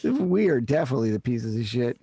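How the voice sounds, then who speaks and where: A man's voice: medium pitch, very animated, brisk, mellow, breathy edge, no room sound. A man co-hosting a podcast in casual comedic chat, laughing often and dropping wry asides.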